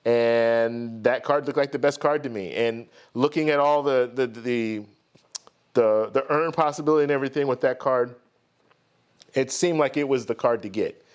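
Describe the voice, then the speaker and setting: A man hosts a casual live stream and calls out greetings to viewers one name after another. His voice sits at an ordinary middle pitch. He rambles and restarts his sentences as he tells his story. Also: normal speed, smooth. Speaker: host of a live stream credit card show.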